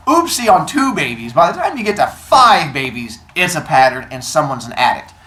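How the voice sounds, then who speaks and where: A woman voicing an exasperated goddess mother, scolding loudly and indignantly, in an echoey room from a distant mic. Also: rumbling low, animated, normal speed, pitched below the performer's own voice.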